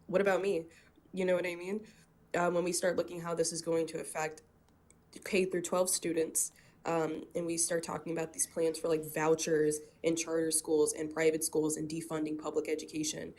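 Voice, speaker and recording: Young woman, caller on a video call, fervent and rapid, keeps restarting sentences. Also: low voice, level tone, a little mellow. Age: 20s. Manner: fervent, rapid, self-interrupting. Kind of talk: casual political discussion.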